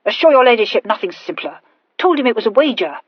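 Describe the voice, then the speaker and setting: A fussy, punctilious gentleman, played by a woman narrator, speaks in clipped, breathless phrases that drop their small words. The voice is husky and slightly breathy. The recording is dull and lo-fi, with a dry sound. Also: on the high side, sing-song, fast, dry recording. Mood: flustered.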